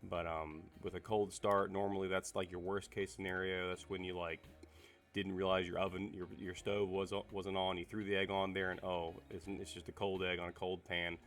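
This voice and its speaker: A man reviewing a non-stick pan in a casual vlog, his voice raspy from being sick, rambling with fillers and restarts. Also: sits low, flat delivery, moderate pace, fairly bright tone. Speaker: cookware reviewer.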